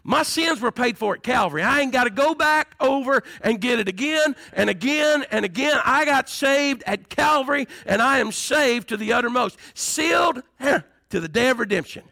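Male pastor, fervent sermon, rhetorical questions, sharp bright tone, gravelly edge. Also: very high voice, expressive, moderate pace, hardly any pauses, no echo.

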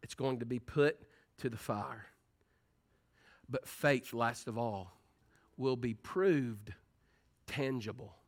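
A man preaching a sermon, moving between hushed storytelling and fervent, loud delivery. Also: mid-range voice, slow pace. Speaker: pastor.

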